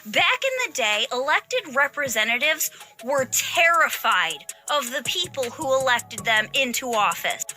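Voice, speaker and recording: A woman's voice: sits high, sing-song, a little slow, bright, forceful tone, faint music behind. A woman delivering an angry, profane political rant, hammering her words with heated emphasis. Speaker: political commentator.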